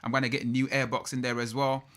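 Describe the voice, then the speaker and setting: A man's voice: medium pitch, level tone, fast, fairly bright tone. A young man hosting a casual live stream, chatting loosely and reading out viewer comments. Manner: slangy, loose and chatty with many fillers.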